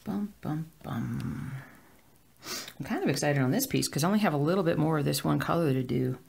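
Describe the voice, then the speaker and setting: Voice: medium pitch, animated, rapid-fire, vocal fry, darkish tone. A cross-stitch vlogger chatting casually at home while stitching, rambling with lots of filler words.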